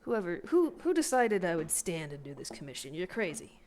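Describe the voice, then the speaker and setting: A woman's voice: fairly low pitch, very animated, fairly quick, a little mellow, a little hiss or hum. A woman from Canada chatting casually on a livestream while drawing, rambling with many restarts and sounding sleepy. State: sleepy, yawning. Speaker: artist streaming a commission.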